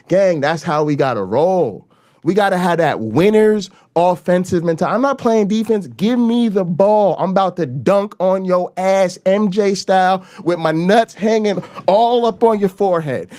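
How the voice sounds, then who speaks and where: Male streamer, high-ish voice, excitable and foul-mouthed, boastful trash talk. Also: moderate pace. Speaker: livestream host. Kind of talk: casual livestream commentary.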